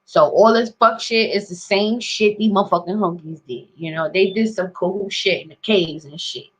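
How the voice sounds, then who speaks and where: A woman vlogger rants to her viewers in a casual, profane way, rambling in street slang and constantly asking if they understand. Her mid-range voice has a breathy edge at normal speed, on a low-quality recording.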